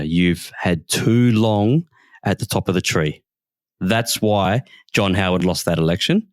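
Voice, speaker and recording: A man's voice: low voice, dry recording, clean studio sound. An Australian man co-hosting a podcast, rambling and repeating himself in casual chat. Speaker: podcast co-host.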